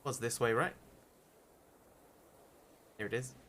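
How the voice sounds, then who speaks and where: A man at a mid-range pitch talks through a live game stream in a relaxed, chatty way. He thinks aloud as he plays and answers questions from his viewers. He speaks close to a headset or desk mic. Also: slow pace. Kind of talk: casual live-stream gameplay chat.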